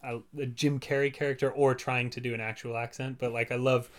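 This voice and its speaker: A man on a podcast as a guest, talking fast and enthusiastically in a rambling way. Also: medium pitch, little pitch movement. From United States. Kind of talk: casual podcast chat.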